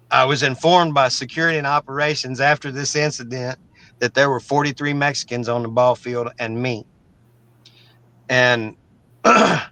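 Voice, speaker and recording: A man's voice: mid-range voice, bright, forceful tone, no room sound, poor audio. A middle-aged man from Oklahoma, a guest telling a story in a casual, blunt, profane way, often stumbling and repeating words. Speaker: interview guest.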